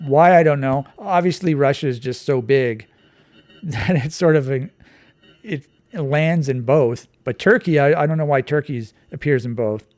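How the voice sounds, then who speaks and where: A man's voice: on the high side, a little slow, a little mellow, no echo. A man giving casual, digressive commentary while playing a map quiz, thinking aloud as he goes. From Canada. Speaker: quiz channel host.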